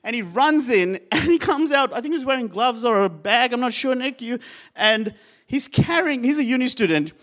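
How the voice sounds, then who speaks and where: High voiced guy from sri lanka rambling thru a drunk story on stage, live bar crowd. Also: animated, normal speed, fairly bright tone. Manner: rambling, self-mocking, laughing often. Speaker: comedian.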